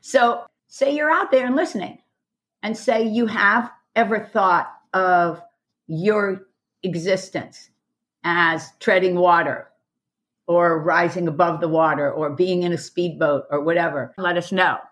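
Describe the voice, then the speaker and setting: A woman's voice: lowish voice, unhurried, fairly bright tone. Woman, karate teacher, podcast host, casual chat, upbeat, laughs easily. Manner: enthusiastic, laughs often. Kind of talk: casual group discussion.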